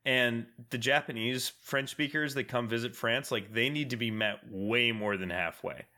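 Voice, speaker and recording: A man's voice: medium pitch, moderate pace, bright, forceful tone. A man co-hosting a podcast in loose, casual conversation. He rambles, restarting sentences and leaning on filler words as he goes. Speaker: podcast co-host. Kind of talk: casual chat.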